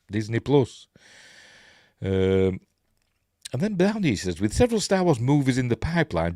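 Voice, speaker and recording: A man's voice: on the low side, a little mellow, dry recording, clean studio sound. A man with a Yorkshire accent hosting a casual film news live stream, reading articles aloud and breaking off into rambling, chatty asides.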